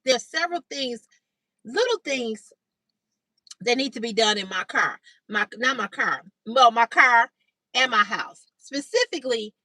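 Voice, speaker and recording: A woman hosting a casual livestream, retelling a story in a chatty, animated way and greeting viewers by name. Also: fairly high pitch, no echo. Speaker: livestream host. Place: outdoors in sunlight.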